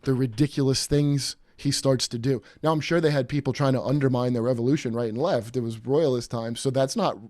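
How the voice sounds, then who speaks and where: A man hosting a podcast in casual chat, rambling and animated with many fillers and restarts. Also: mid-range voice, brisk, few pauses, no room sound, studio quality. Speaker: podcast host.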